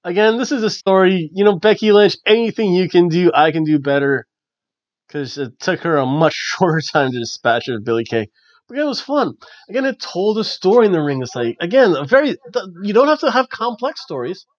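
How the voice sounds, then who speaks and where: Animated, high-voiced male reviewer. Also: brisk, dry recording. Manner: animated, chatty, many fillers. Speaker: wrestling reviewer, host. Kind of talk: casual review chat. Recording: dull, dry lo-fi recording.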